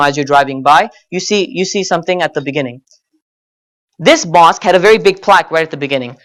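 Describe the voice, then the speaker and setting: This is a young male preacher at a Muharram gathering with a high-pitched, fairly bright voice. Earnest and plainspoken, he tells a story to the congregation, often saying "you know" and calling them brothers and sisters.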